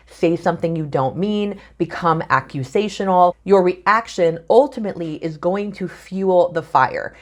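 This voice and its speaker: A woman relationship coach giving calm, earnest advice straight to camera. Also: on the low side. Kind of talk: direct-to-camera coaching talk.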